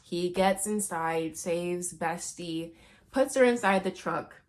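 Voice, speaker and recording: A woman's voice: on the low side, takes it slowly. A woman recapping a movie in a casual, playful and slangy way, chatting to her viewers.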